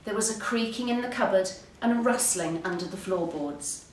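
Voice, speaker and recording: A woman, an English teacher, reading a bedtime story aloud with expressive, unhurried storytelling. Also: mid-range voice, slight background noise. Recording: roomy, distant mic.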